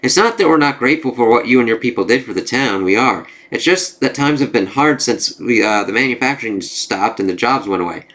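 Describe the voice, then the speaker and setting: A man's voice: medium pitch, lively intonation, fairly quick, hardly any pauses, a bit bright, natural voice. A man voicing a wary, plainspoken male police chief from a small town. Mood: guarded.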